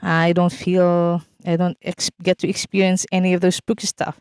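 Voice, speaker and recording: A woman's voice: on the low side, little pitch movement, normal speed, darkish tone, clean tone, no room sound. A woman vlogger casually talking over a game build, rambling with many fillers and restarts. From outside Canada, now living in Canada.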